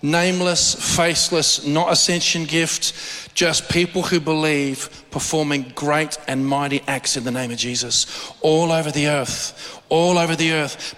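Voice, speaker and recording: A middle-aged Australian man preaching from the pulpit, his fairly high voice climbing when he gets going. He often repeats words as he builds his point. A long reverb from a large church hall trails behind him. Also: unhurried, pushed and bright. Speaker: pastor. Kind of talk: sermon.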